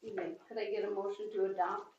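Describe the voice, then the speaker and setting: A woman chairs a small-town council meeting, moving briskly through the motions and votes. Her voice is picked up from some distance in an echoey chamber, with loud background noise underneath. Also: mid-range voice, little pitch movement, highs cut off. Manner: brisk and procedural, calling motions.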